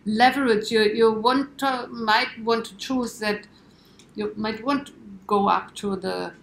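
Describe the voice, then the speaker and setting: A woman's voice: a little high, steady tone, a little slow, gravelly, reverberant, a little hiss or hum. A woman guest in a conversational interview, explaining her ideas in a reflective way with lots of imagery.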